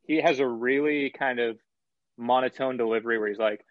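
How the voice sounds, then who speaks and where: A man hosting a casual album review chat, talking in an analytical and measured way with some swearing. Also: mid-range voice, no echo, narrow, tinny audio.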